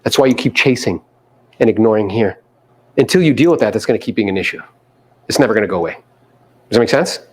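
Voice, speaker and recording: A man coaching real estate agents in a live seminar, animated, acting out quotes and swearing casually. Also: on the low side, fast talker, long pauses, husky. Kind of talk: live seminar talk to an audience.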